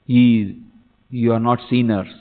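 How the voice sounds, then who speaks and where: A man's voice: medium pitch, steady tone, takes it slowly. A man, a monk, giving an impassioned spiritual discourse with phrases repeated for emphasis. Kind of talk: sermon. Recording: tinny recording in an echoey hall.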